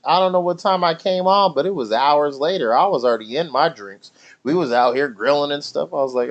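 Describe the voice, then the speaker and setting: A young man holds a casual live stream from home, spinning loud slangy stories with plenty of banter. His voice sits a touch high for a man, and he drinks as he chats. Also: moderate pace, lo-fi sound. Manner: drinking while talking. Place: home, near the grill.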